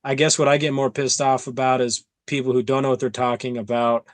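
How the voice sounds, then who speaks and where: A man hosting an interview podcast, telling stories in an animated way and acting out his own quotes. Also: mid-range voice, fairly quick, dry recording. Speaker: podcast host. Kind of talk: casual interview chat.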